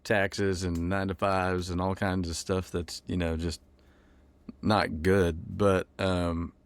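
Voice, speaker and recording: A young man, talking casually in an interview with lots of ums and pauses. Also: low-pitched, dry recording. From Texas. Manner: relaxed, many ums and restarts. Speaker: musician guest.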